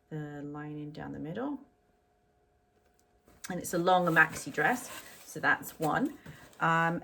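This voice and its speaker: A woman's voice: low voice, vocal fry, fairly bright tone, a little hiss or hum. A middle-aged woman vlogging a clothing unboxing in a chatty, rambling way with lots of ums. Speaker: fashion vlogger. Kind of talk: casual unboxing chat to camera.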